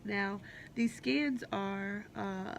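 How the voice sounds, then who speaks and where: Young woman, gravelly voice, hospital room. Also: medium pitch, very slow. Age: 20s. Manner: candid, blunt, swears freely. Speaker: vlogger. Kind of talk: personal hospital vlog. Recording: faint hospital background noise.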